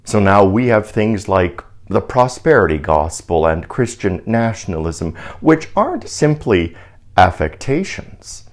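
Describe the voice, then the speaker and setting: A man from Canada speaks in a very low, deep and polished baritone. He delivers a scripted reflection as a clergyman, measured, articulate and a little wry. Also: darkish tone.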